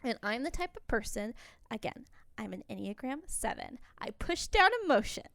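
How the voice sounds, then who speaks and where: A woman's voice: a little high, sing-song, moderate pace, creaky, a bit bright, dry recording. A young woman co-hosting a podcast, talking candidly and rambling a little, with frequent laughs. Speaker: podcast co-host. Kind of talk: casual chat.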